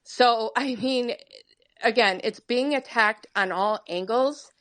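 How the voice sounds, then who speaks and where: A woman speaks hesitantly in a slightly higher voice, with many fillers as she shares her views. Her audio is dry and close. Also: slow pace, a bit bright, no room sound. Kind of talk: casual group discussion.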